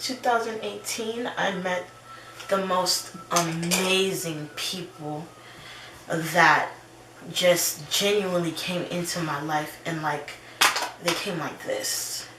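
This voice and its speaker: A young woman in her twenties telling a personal story in a casual, animated chat with her viewers. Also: lowish voice, background noise. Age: 20s. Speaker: vlogger. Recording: roomy echo, slightly distant mic.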